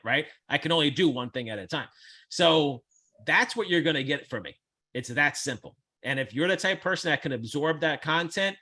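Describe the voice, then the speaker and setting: A man hosting a casual chat, blunt, brash and profane, with animated storytelling. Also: fairly high pitch. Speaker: host.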